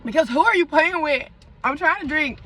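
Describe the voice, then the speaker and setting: Bright high-voiced young woman storytelling. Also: a little fast, rough recording. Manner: animated, dramatic storytelling with slang and asides to viewers. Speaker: vlogger. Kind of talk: storytime vlog.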